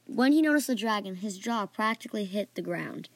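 A woman's voice: fairly high pitch, fairly quick, few pauses, no room sound. A woman narrating a playful, made-up adventure story in a casual way, adding sound effects and asides.

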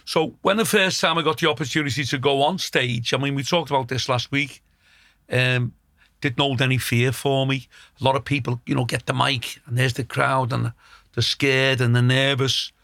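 A man's voice: medium pitch, steady tone, moderate pace, gravelly, bright, forceful tone, no echo, studio quality. A middle-aged male comedian, telling blunt, sweary stories in casual chat. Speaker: comedian, podcast co-host.

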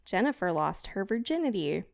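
A woman's voice: mid-range voice, sing-song, moderate pace, vocal fry. A woman hosting a podcast, telling a story in casual chat, rambling with lots of fillers and self-conscious asides. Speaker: podcast host.

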